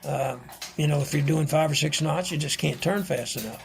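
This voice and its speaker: A man's voice: on the high side, normal speed, gravelly, slight background noise. An older American man, a retired naval officer, telling anecdotes in a podcast interview, often chuckling and acting out the dialogue. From United States. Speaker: retired vice admiral, interview guest.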